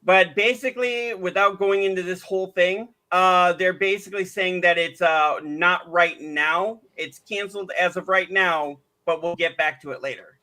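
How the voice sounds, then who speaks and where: A high-voiced man co-hosts a casual podcast chat. His tone is bright and forward, and he tells animated stories, jumping into the voices of the people he quotes. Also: normal speed, hardly any pauses. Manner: animated storyteller, acts out quotes. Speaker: podcast co-host.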